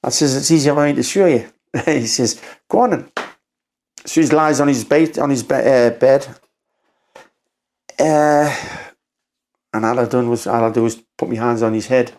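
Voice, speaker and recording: Geordie bloke spinning a long yarn on a podcast, keeps restarting, mid-pitched normal voice. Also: male voice, darkish tone. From Newcastle, England. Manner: rambling, halting, acts out quotes with "I says". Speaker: podcast guest. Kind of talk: casual storytelling conversation.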